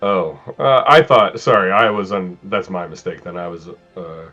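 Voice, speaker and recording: Male player, very low voice, halting delivery, muffled lo-fi mic. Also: expressive, pushed and bright, faint music behind. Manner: halting, many "um"s and restarts. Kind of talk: tabletop game play, casual chat.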